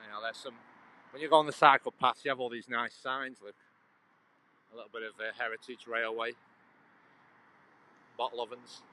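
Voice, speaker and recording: A man's voice: medium pitch, fairly even intonation, normal speed, pauses often, pushed and bright. A man chatting in a rambling way to viewers as he walks outdoors along a cycle path, talking into a phone. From England. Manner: talks while walking. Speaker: livestreamer. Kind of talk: casual walking livestream chat. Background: passing traffic.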